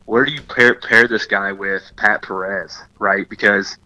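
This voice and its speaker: Low, bright-voiced rambling man. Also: steady tone, unhurried, highs cut off. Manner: rambling, playful teasing. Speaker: podcast co-host. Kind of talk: casual sports chat.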